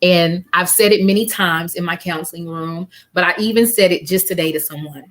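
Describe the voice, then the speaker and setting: A woman in her fifties hosts a faith-based chat from home over a video call, her voice sitting a little low. She talks earnestly as a grief counselor, asking rhetorical questions and repeating her key lines for weight. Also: brisk, fairly bright tone. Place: at home with family around.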